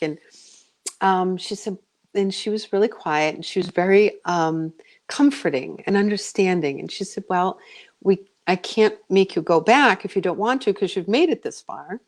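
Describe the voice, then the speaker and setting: A middle-aged psychic medium from the US, with a mid-range voice and moderate pace, recounts a long story on the radio. Her delivery is animated and chatty, thick with fillers, and she imitates her own voice from that time.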